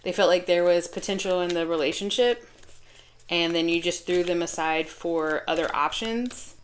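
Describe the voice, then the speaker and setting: Woman tarot reader, low-ish voice, chatty and giggly, rambling and casual. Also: normal speed, a little hiss or hum. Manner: chatty, laughing, self-interrupting. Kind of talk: casual tarot reading to camera.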